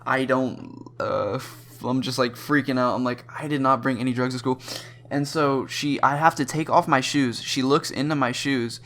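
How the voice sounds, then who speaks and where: A teenage boy rambles through a storytime vlog about school, leaning on fillers all the way. His pitch sits in the ordinary middle for a guy, though it jumps high when he reenacts his own panic. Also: steady tone, normal speed, a bit bright. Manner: acts out his own panicked reactions in sudden high bursts. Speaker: vlogger.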